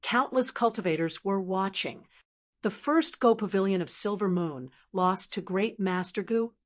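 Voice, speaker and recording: A woman narrates a fantasy novel for an audiobook. Her delivery is steady and plain, and her voice sits at a middle pitch. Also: a little slow.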